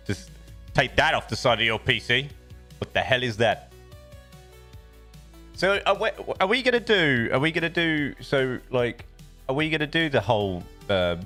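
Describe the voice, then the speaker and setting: A man's voice: medium pitch, pushed and bright. A man with a British accent chatting casually on a live stream, rambling and often restarting his sentences. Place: home desk setup.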